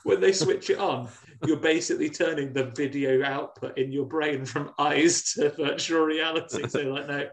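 Brit podcast co-host, animated recapper who acts out the characters' lines. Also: male voice, a little high, moderate pace. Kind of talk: casual chat recapping a film.

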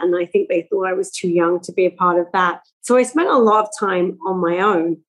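A woman, telling stories as a podcast guest in a lively, chatty way. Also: mid-range voice, poor audio. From England. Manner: animated, chatty storytelling. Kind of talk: podcast interview.

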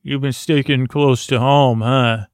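A man's voice: medium pitch, fairly even intonation, a little slow, dry recording, studio quality, natural voice. A man voicing a laid-back, matter-of-fact father of a big family. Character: easygoing dad of a big family.

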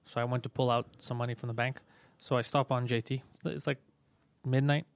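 A man hosting a comedy podcast, telling stories in a fast, profane, animated way. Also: medium pitch, gravelly, dry recording. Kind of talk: casual storytelling chat.

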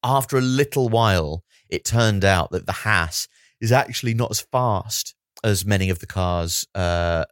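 A man co-hosting a podcast, chatting casually with wry, deadpan asides. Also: on the low side, measured pace, dry recording, clean studio sound. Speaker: podcast co-host. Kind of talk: casual comic chat.

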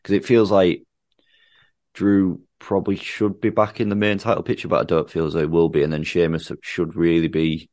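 A man's voice: sits low, level tone, normal speed, a little mellow, no echo, studio quality. A British man co-hosting a casual wrestling chat, blunt and sweary with frequent ums.

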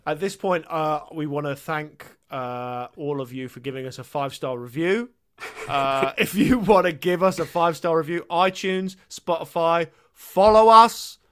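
A man's voice: on the high side, clear, resonant tone. A man co-hosting a comedy podcast, riffing playfully and laughing as he jokes. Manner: playful, quick to riff and laugh. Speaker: podcast co-host. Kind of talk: comedic banter.

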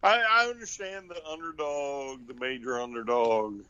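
A man co-hosting a casual wrestling podcast, giving measured, knowing opinions. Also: mid-range voice, muffled recording, background noise. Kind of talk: casual chat.

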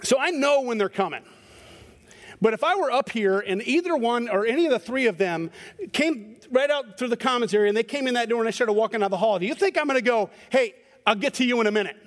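A man's voice: very high-pitched, animated, quick pace. A middle-aged male pastor giving a conversational sermon, telling stories and acting out their voices with a self-deprecating manner. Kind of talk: sermon with storytelling. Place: church sanctuary. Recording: long hall reverb.

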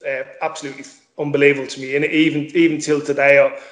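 A man's voice: fairly high pitch, flat delivery, fast, fairly bright tone, reverberant. A middle-aged man, a former footballer chatting as a guest, repeating words and swearing casually. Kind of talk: casual interview chat.

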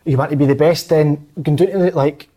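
A Scottish man co-hosting a chat, talking in an animated way, swearing and saying "mate" a lot. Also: a little high, brisk. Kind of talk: casual chat.

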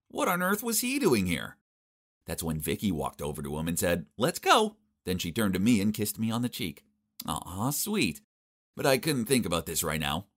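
Expressive young male storyteller. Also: sits low. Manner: expressive, dramatic comic delivery. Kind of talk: animated first-person story narration.

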